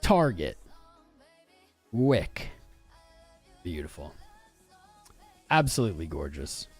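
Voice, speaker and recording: A man's voice: sits low, very animated, slow pace, a little mellow, breathy edge, faint music behind. A man hosting a live crypto trading stream, chatting casually and reading out viewer comments as he goes through charts. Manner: upbeat, chatty, reads viewer comments aloud. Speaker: crypto livestream host.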